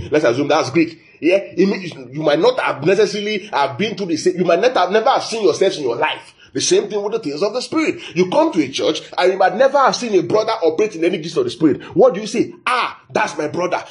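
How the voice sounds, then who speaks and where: A man's voice: high-pitched, fast talker, few pauses. A man from Nigeria preaching a sermon, repeating phrases and quizzing his listeners. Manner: lively, asks the audience questions, repeats phrases.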